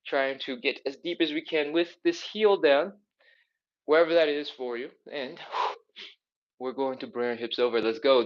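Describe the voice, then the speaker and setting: A man's voice: mid-range voice, dull audio. A man leading a live follow-along stretching workout, upbeat and encouraging, counting reps and a little out of breath as he moves. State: slightly out of breath from exercising. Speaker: mobility and stretching instructor.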